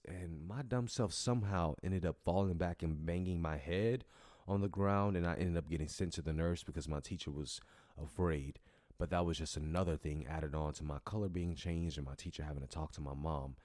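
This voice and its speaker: A young man with a strikingly deep, low voice recounts his own story as a podcast host. He speaks earnestly and conversationally, with easy fillers and emotion close to the surface. The sound is dry and close. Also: a little mellow, dry recording. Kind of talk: personal storytelling.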